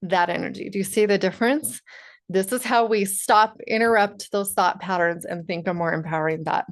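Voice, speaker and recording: An earnest woman coach talks directly to her audience in an encouraging, motivational way. Her voice sits at a medium pitch, and she speaks plainly and warmly about changing how you think. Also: moderate pace. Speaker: empowerment coach. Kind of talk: motivational video monologue.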